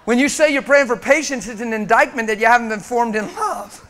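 A male preacher giving an emotional sermon to a congregation, moving between loud, urgent exhortation and hushed intensity. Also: very high-pitched, expressive, fairly quick. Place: church meeting room before a congregation.

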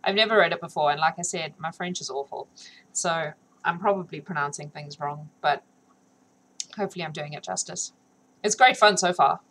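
A woman's voice: deep voice, normal speed, fairly bright tone, poor audio. A woman reading a novel aloud on a live stream, then chatting with viewers, laughing often and joking about herself.

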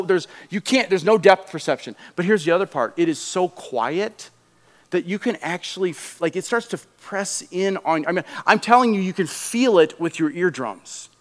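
Pastor guy preaching, chatty and lively, bit of a higher voice, big echoey church sound. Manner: animated, conversational preaching that drops to a hushed prayer. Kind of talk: sermon. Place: church sanctuary. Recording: long hall reverb.

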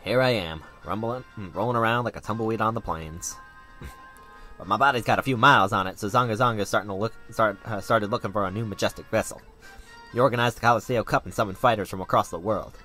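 A man's voice: fairly low pitch, fast, bright, forceful tone, soft background music. A man voicing an earnest, folksy middle-aged cowboy with a put-on Southern US drawl and homespun turns of phrase, over a game.

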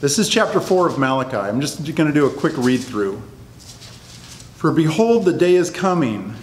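A man's voice: fairly high pitch, very animated, moderate pace. A man teaching a Bible study class to a live group, talking conversationally and often checking that the class is following. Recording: echoey room, long reverb, faint noise.

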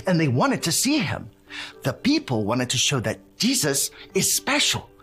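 A man's voice: on the high side, a bit bright, heavily acted. A man playing a cheerful, friendly handyman who leads a scripted children's Bible lesson in a bouncy, exclamatory way and sprinkles in Spanish words. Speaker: children's church presenter.

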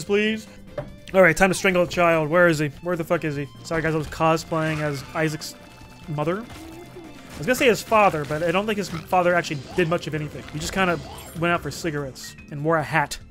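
A young man with a high, bright voice narrates his gameplay in a jokey, rambling way. He swears freely, jumps between mock threats and self-mockery, and bursts into sudden shouts. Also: a little fast, soft background music. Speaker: gaming commentator. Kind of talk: let's play commentary.

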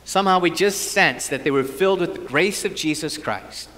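A priest giving an animated storytelling sermon at a parish mission and acting out his own thoughts. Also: fairly high pitch, normal speed, big-room sound. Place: church.

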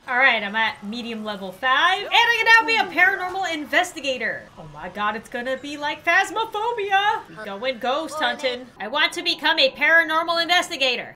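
A young woman doing playful, excitable commentary while playing a game. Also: sits high, slight background noise. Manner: excitable, playful, quick reactions. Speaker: gaming YouTuber. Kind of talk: let's play commentary.

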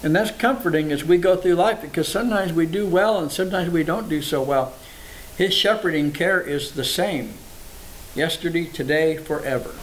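A pastor preaching a sermon in a somewhat high-pitched male voice. He reads scripture passages aloud, then explains them plainly, stacking words for emphasis with small restarts. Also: poor audio. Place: church service.

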